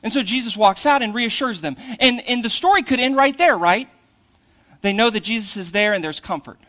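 A male pastor preaching a sermon in a conversational way, often checking in with "right?" and moving between loud, animated points and hushed retelling. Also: high voice, fairly quick. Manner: conversational, asks "right?" after most points.

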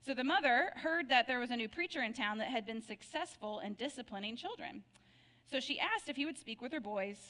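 A woman's voice: a little high, expressive, a little fast, pushed and bright. A woman pastor telling Bible jokes in a sermon, playful and laughing at her own punchlines. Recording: long reverb of a large hall.

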